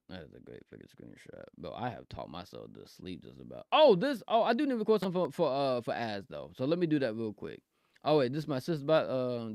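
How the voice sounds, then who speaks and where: A man's voice: mid-range voice, gravelly, a little mellow, clean tone, no echo, studio quality. A male streamer chatting casually on a livestream, rambling, laughing often and repeating phrases.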